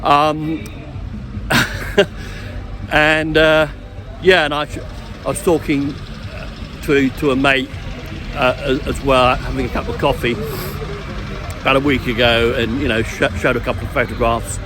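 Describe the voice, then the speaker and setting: A middle-aged man recounts dating stories in a meandering, reflective way as he walks outdoors. He pauses often and restarts his sentences. His voice sits in an ordinary middle range for a man, and clear music plays behind him. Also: mid-range voice, little pitch movement. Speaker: vlogger on dating. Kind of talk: rambling anecdotal storytelling. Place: outdoors on a street, walking.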